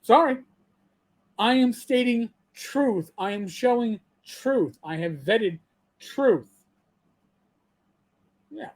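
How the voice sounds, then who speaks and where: A man's voice: very high voice, lively intonation, slow pace, pauses often. A man hosting his own podcast, delivering an angry rant with frequent swearing and stammered restarts, repeating himself as he gets worked up. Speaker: channel host.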